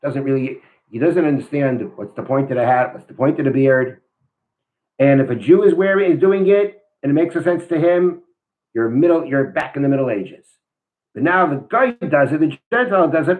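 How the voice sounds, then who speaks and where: A man's voice: a little high, lively intonation, moderate pace, narrow, tinny audio. A man teaching a weekly Torah class, explaining ideas and reading a story aloud, often thinking aloud as he goes.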